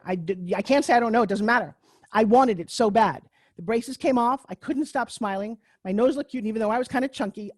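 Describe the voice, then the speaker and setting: A woman with a mid-range voice, recorded dry, tells her own story in a personal storytelling talk over a video call, picked up by her computer mic. She's from Long Island, New York, with the accent to match, and she's brash, candid, and self-mocking, swearing freely.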